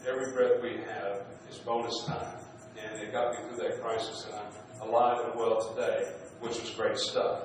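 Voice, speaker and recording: A middle-aged man, a minister, tells a personal story from the pulpit in a relaxed, humorous, conversational way, often restarting his phrases. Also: on the low side, normal speed, hardly any pauses. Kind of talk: storytelling sermon. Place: church sanctuary. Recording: very echoey hall, distant, noisy.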